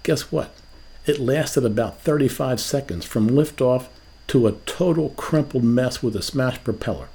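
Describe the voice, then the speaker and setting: A man's voice: mid-range voice, unhurried, gravelly, warm tone. An older man preaching a sermon as a pastor, asking rhetorical questions in a conversational way.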